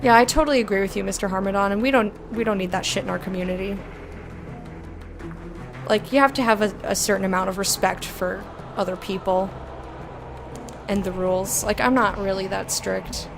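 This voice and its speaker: Woman, young adult, game streamer, excitable, profane, chatty with viewers, slow text reading. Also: medium pitch, vocal fry, music in the background. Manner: excitable and swearing, reads game text aloud slowly. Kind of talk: blind let's-play commentary, chatting with viewers.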